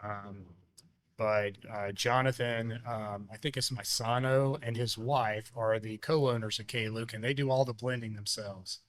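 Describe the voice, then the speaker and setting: A man co-hosting a casual podcast, talking in a relaxed, rambling way with many pauses. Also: lowish voice, slight background noise. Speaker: podcast co-host. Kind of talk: casual chat.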